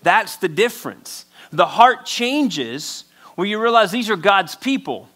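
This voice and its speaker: A man's voice: high voice, very animated, unhurried, a bit bright. A male pastor preaching a sermon in an emphatic, conversational way, acting out little quotes.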